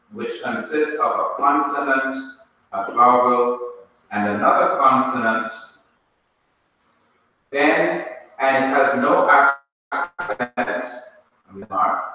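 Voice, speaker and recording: A man teaching a Hebrew class, explaining slowly and step by step. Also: medium pitch, bright, forceful tone. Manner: slow, explains step by step, spells things out. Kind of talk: classroom lesson. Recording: echoey hall, speaker far from mic.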